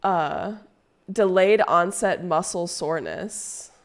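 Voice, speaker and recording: Young woman streamer, low-pitched voice, loose crude rambling chat with her viewers. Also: takes it slowly. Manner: rambling, crude and playful, reads chat aloud.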